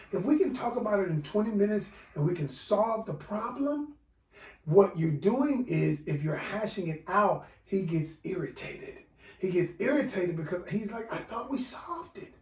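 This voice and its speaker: A male relationship coach, giving an animated, preachy video lesson and calling his viewers "y'all.". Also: high voice, moderate pace, recorded from a distance. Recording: roomy echo, voice off-mic.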